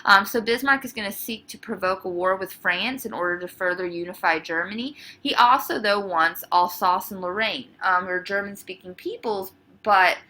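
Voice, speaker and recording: Bright-voiced woman teaching history. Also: medium pitch. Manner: chatty, with many fillers and asides. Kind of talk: recorded classroom lecture.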